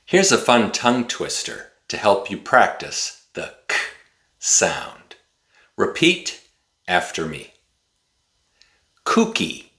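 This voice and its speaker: Male teacher for a pronunciation lesson, lively pitch, roomy sound. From United States. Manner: slow, carefully articulated, demonstrative. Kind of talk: slow, clear pronunciation lesson.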